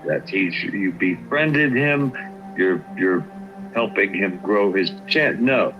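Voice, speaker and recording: A man's voice: sits low, lively intonation, slow pace, dull audio, over music. An angry man talking bluntly on a livestream, swearing at someone he despises. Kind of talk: heated livestream talk.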